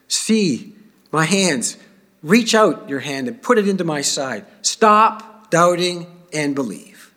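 A man giving a sermon, reading scripture aloud with feeling and dropping to quiet asides. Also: on the high side. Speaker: preacher.

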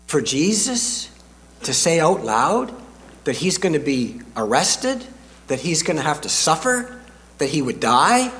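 Older man preaching slowly in an echoing hall. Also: on the high side, sing-song, fairly bright tone. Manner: slow and deliberate, with dramatic pauses. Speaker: pastor. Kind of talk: sermon. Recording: reverberant hall.

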